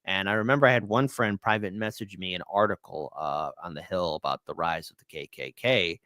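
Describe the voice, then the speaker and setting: A lower-pitched man chatting on a live podcast, telling personal stories with lively swings, his voice shooting up when he gets indignant. The sound is dry and close, with almost no room around it. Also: a little fast, no echo. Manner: animated storyteller, voice jumps up when indignant. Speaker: guest co-host. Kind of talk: casual political podcast chat.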